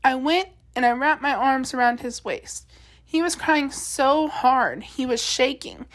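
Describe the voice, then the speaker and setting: A woman's voice: high voice, lively intonation, unhurried, a bit bright. Woman teacher reading a children's novel aloud.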